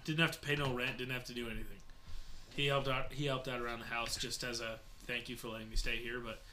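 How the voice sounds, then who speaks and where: A young man casually telling a story to friends, animated and swearing freely, dropping into lower voices to mimic the people in it. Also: fast talker, slight background noise.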